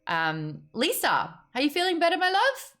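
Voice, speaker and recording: A woman's voice: high voice, huge pitch swings, moderate pace, a bit bright. An Australian woman hosting a casual book chat on a video call, bubbly and chatty. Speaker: host.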